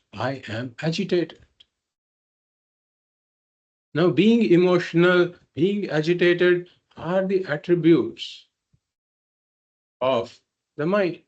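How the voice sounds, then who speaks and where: A man's voice: on the high side, animated, takes it slowly, darkish tone, dull audio. A man teaching a spiritual philosophy class, explaining patiently and repeating points through simple examples. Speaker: Vedanta teacher.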